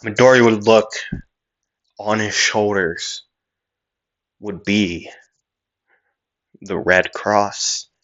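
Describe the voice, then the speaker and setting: A man spins an improvised fan story at an unhurried pace. He rambles and restarts often, filling gaps with "like" and "uh". The recording sounds a little dull and lo-fi. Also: fairly low pitch, fairly even intonation, fairly bright tone. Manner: rambling, with many fillers and restarts.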